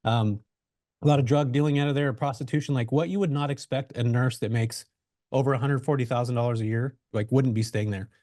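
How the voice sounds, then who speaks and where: Over a video call mic, a male real estate investor guest recounts his story on a webinar interview in a loose way, heavy on fillers and restarts. His mid-range voice is mellow and fairly even in intonation, running a little fast. The sound is studio quality, echo-free.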